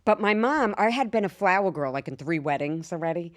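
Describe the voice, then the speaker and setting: A woman's voice: fairly low pitch, a little fast. Brash woman telling a wild story. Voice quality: slight lisp. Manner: brash, animated storyteller who swears freely. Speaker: podcast co-host. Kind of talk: casual storytelling chat.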